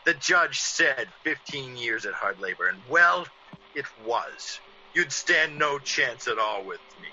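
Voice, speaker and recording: An actor playing a vengeful, menacing ex-convict who sneers and gloats, in 1940s radio acting on a dull old radio recording. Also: male voice, mid-range voice, animated, unhurried, bright, forceful tone, a little hiss or hum. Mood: gloating. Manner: sneering, theatrical villain with gloating laughs.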